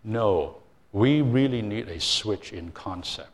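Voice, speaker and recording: A man's voice: lowish voice, lively intonation, slow pace. An older man, a church minister, giving an informal sermon full of self-deprecating stories, with frequent fillers and restarts.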